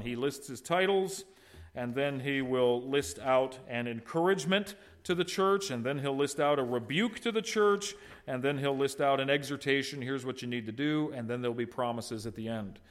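A man preaching an expository sermon, swinging from loud emphatic peaks to soft low endings, with conversational asides to the congregation. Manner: conversational, teases congregants by name. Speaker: pastor.

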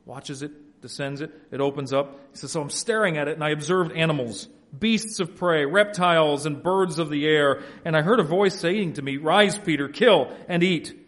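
A man with a somewhat high voice preaches a verse-by-verse sermon. He drops into soft, chatty family stories, then builds back up to loud, emphatic points. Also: moderate pace, few pauses. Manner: animated, swings from hushed asides to loud emphatic preaching; folksy family anecdotes, laughs at own stories. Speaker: pastor. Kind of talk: expository sermon.

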